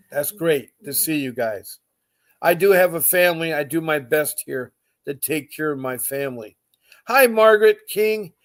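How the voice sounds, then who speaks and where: A man hosts a live podcast in a slightly higher voice. He talks earnestly and with feeling, repeats words for emphasis and stops to greet his viewers. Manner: emotional, repetitive, earnest. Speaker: podcast host.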